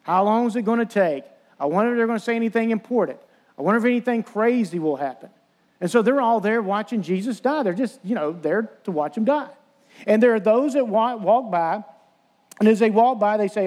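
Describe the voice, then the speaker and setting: A man's voice: sits high, animated, brisk, a little mellow. A man preaching a sermon, earnestly retelling scripture and acting out the voices of mockers.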